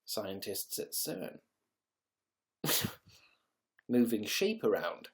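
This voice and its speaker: A man's voice: lowish voice, huge pitch swings, extremely slow. A young man hosting a casual livestream, rambling and joking as he reads out viewers' comments, with plenty of swearing. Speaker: livestream host.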